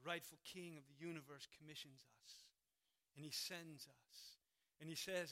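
A male pastor delivering a sermon with a high, bright voice. He is emphatic and pushes key words out loudly before dropping back to a quieter tone. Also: steady tone, moderate pace. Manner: emphatic, swells loud on key words then drops quiet.

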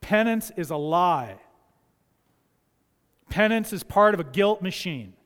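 A man preaching a sermon in a church, his voice high for a man and smooth and resonant. He is emphatic, drops to quiet asides, then rises loud while acting out the voices he quotes. The sanctuary adds a long, trailing reverb. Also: expressive, takes it slowly. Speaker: pastor.

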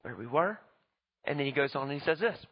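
A man's voice: medium pitch, lively intonation, fairly quick, breathy edge, muffled recording. A male pastor preaching a sermon to his congregation in a church, talking emphatically and conversationally.

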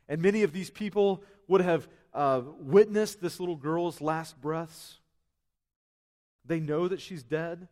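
A man's voice: fairly high pitch, unhurried, darkish tone. A male pastor preaching a sermon in a conversational way, full of asides and restarts. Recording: long hall reverb.

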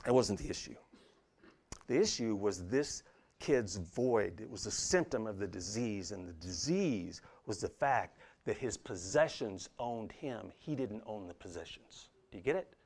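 Animated preaching man. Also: lowish voice, a little slow, slightly rough. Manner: animated preaching with rhetorical questions to the congregation. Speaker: pastor. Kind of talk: sermon.

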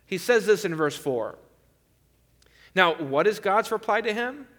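Male preacher, bright tone, emphatic expository sermon delivery. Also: sits high, animated, unhurried.

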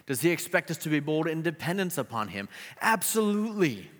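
A man preaching a sermon, telling a story with animated delivery and joking asides. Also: a little high, fast, in a large hall. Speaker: pastor.

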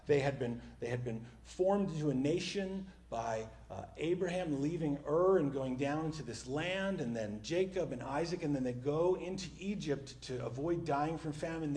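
Guy preaching a sermon, kinda high voice, chatty and animated, drops way quiet sometimes. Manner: animated, conversational preaching with sudden drops to a hush. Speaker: pastor. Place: church stage with microphone.

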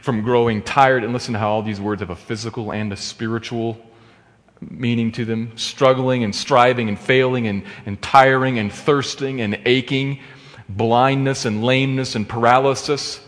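A man preaching a sermon as pastor, swinging between loud emphatic stresses and hushed, quiet asides. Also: medium pitch, fairly even intonation, normal speed, in a large hall.

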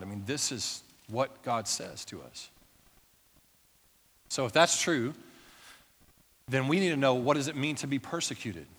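A male pastor preaches in a church, his medium-pitched voice carried by the long reverb of a big hall. He hammers points home with emphasis, then drops to a hushed, intense tone. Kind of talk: sermon.

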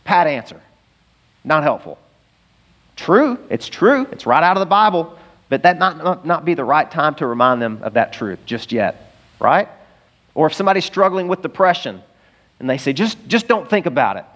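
A middle-aged man preaches to his congregation in a relaxed, conversational way, tossing in asides and quick jokes. His voice sits a little higher than most men's. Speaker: pastor. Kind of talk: sermon.

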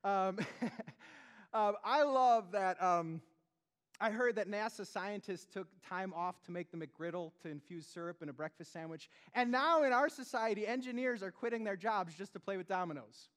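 Pastor guy preaching, kinda high voice, talks super casual, "like" and "right?" everywhere. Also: moderate pace, smooth. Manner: conversational, peppered with "like" and "right?"; swings between loud emphasis and hushed tones. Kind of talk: sermon.

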